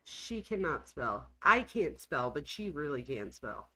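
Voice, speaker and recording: A woman's voice: deep voice, very animated, measured pace, sharp tone, breathy edge, low-quality recording. A woman hosting a true crime livestream, chatting casually and reacting with exclamations. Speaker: true crime show host.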